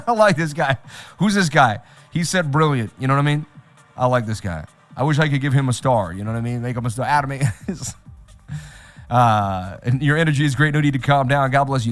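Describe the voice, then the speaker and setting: A man hosting a crypto trading livestream, talking in an excitable hype-man way with repeated catchphrases. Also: mid-range voice. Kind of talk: hyped livestream chat.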